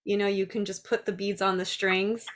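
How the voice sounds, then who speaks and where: A middle-aged woman who teaches dance and preschool, speaking in a chatty, lively way about classroom ideas. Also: medium pitch, normal speed. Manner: chatty, lively, acts out little voices. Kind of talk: casual talk.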